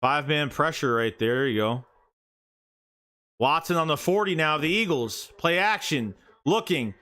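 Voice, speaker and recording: This man's live fan commentary on a football game is profane and excitable, and he yells when plays go wrong. He speaks at a moderate pace with a voice that runs on the high side.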